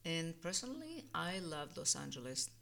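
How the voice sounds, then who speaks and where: A man's voice: on the high side, sing-song, normal speed, vocal fry, sharp tone. An older man from Israel with an Israeli accent, speaking English in an interview and talking directly, sometimes searching for the right word. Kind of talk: conversational interview.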